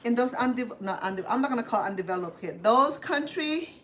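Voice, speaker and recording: A Cambodian woman hosts a casual cooking demonstration in her home kitchen, rambling through asides full of fillers and restarts. Her fairly high, fairly bright voice is animated and brisk. Dishes, pots and pans clatter clearly behind her, with a little hiss or hum.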